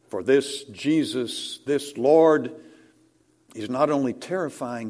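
This sermon, delivered slowly and with heavy emphasis by a medium-pitched man, swings from hushed, almost whispered lines up to booming peaks of drama.

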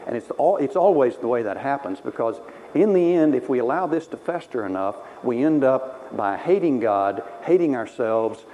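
A man's voice: medium pitch, warm tone, slight background noise, rough recording. Wry storytelling preacher man from Texas. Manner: wry, self-mocking storyteller who laughs at himself. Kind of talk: sermon told as personal stories.

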